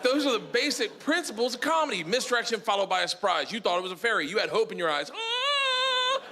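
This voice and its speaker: A man performing a stand-up comedy set on a live stage, telling stories loudly and acting out other people's voices. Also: high voice, fast, a little hiss or hum. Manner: loud, animated storytelling with acted-out voices.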